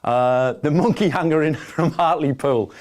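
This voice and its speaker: A man's voice: a little high, moderate pace, darkish tone. Chatty northeast English man hosting a webinar. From northeast England. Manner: chatty, enthusiastic, reads out viewer locations. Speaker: webinar host. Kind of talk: live webinar presentation. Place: home office.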